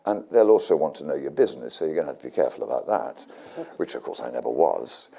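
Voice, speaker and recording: A man's voice: very deep voice, lively intonation, fast talker, creaky, warm tone, husky. Older English man telling wry stories. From England. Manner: rambling anecdotes with frequent restarts and dry humour. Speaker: guest actor. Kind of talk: storytelling on stage. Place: community centre hall with live audience.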